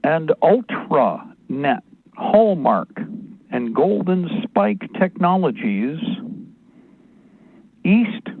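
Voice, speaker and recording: A man's voice: medium pitch, vocal fry, no room sound. A man hosting a talk radio show, speaking in a rambling, digressive monologue full of asides. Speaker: radio host. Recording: narrow phone-like band, dry.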